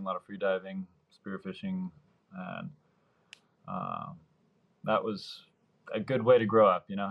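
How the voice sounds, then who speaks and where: A surf fishing guide in his thirties speaks in a fairly low voice, with the highs cut off. Interviewed on a podcast, he casually tells lively stories and acts out the lines of the people in them.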